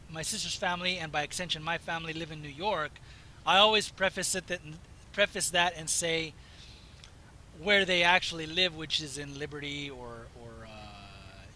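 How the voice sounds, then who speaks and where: A man from the Southwest United States, chatting casually and meandering as he plays a driving game, his voice slightly hoarse. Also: on the high side, sharp tone, slight background noise, poor audio. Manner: chatty, meandering, self-interrupting. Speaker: gaming video host. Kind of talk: casual rambling commentary while playing.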